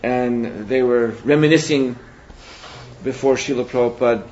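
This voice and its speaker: A man teaching a spiritual seminar in a measured, reflective way, often pausing to hesitate. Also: mid-range voice, steady tone, a little mellow. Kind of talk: spiritual lecture. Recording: dull lo-fi recording with faint hiss.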